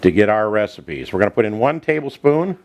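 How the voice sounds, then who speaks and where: A man's voice: fairly low pitch, sing-song, fairly quick, noisy background. A man from Minnesota hosting a home cooking show, chatting in a homespun way while he explains each step in his kitchen. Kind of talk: folksy cooking demonstration.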